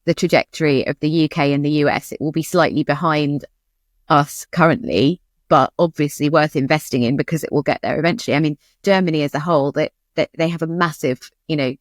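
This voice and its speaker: A woman's voice: low voice, no echo, studio quality. A woman co-hosting a podcast, asking questions and chatting casually. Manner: quick questioning, conversational. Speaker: podcast co-host. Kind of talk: casual chat.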